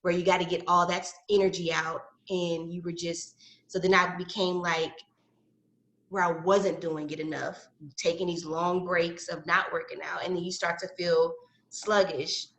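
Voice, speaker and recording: A woman's voice: lowish voice, little pitch movement, normal speed, a bit bright. Woman, casual panel chat, meandering and filler-heavy; roomy, echoey video-call sound. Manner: rambling, lots of fillers. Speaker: mom and educator in panel talk. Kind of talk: casual group conversation. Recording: roomy echo.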